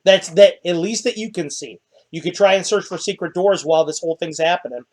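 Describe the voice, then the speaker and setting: High-voiced man running a tabletop game. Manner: vivid, animated narration with quick character voices. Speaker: dungeon master.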